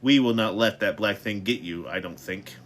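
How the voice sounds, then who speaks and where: A man's voice: lowish voice, moderate pace, a bit bright, a little hiss or hum, lightly acted. A man reading the part of an ancient, otherworldly woman who is stern and wise, speaking in a lecturing way.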